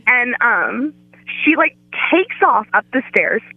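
A woman's voice: on the high side, lively intonation, takes it slowly, no echo, phone-quality sound. A woman guest on a podcast, telling a story in casual chat and acting out the quoted voices.

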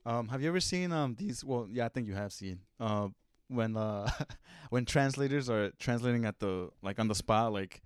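A man co-hosting a casual podcast chat, laid-back and quick to laugh. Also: mid-range voice, animated, clean tone, no echo, studio quality. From Spanish-speaking family in the United States. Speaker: podcast co-host.

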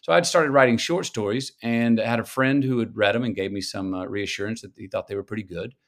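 Guest voice: man in his fifties, low gravelly tone, unhurried reflective storyteller. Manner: slow, reflective storytelling with drawn-out pauses. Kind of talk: conversational interview.

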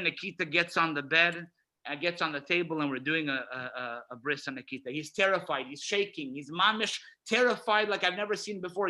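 Male rabbi, storyteller. Bright, slightly high voice, animated delivery with acted-out quotes. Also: rough recording. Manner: animated storyteller, acts out quoted voices, swings loud and soft. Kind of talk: storytelling speech to an audience.

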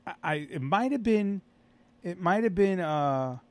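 A man's voice: sits high, lively intonation, unhurried, no echo. A man co-hosting a podcast, telling a long anecdote in casual chat, with many restarts. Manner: rambling, self-interrupting storyteller with many restarts and fillers. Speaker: podcast co-host.

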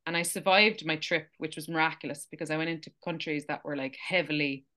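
An Irish woman in her young adult years chats through her story as an interview guest, animated and quick to laugh. Her voice sits a little low, yet it comes across bright and forceful. She leans on casual fillers as she talks. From Ireland. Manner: animated, chatty, laughs often, many fillers.

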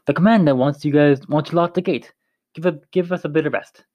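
A man reading a story, voicing a hero who fakes a gruff Irish guard in a hurried, forced way. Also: a little high, lo-fi sound, pitched above the performer's own voice, lightly acted. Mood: bluffing.

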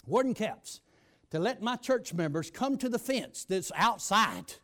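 A man, a pastor giving a folksy testimony sermon that keeps breaking into shouted bursts. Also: high-pitched, very animated, unhurried.

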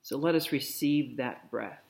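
A man preaching a sermon in a slow, reflective way, softly repeating a blessing. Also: medium pitch, vocal fry. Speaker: pastor.

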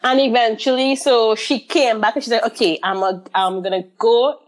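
A woman chatting casually as she recounts a birth story, acting out quotes with animated shifts. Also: a little high, normal speed.

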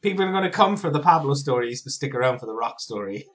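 A man hosting a podcast, chatting casually and throwing in quick jokes. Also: mid-range voice, expressive, a crowd in the background. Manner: joking, quick quips. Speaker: podcast host. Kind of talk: casual chat.

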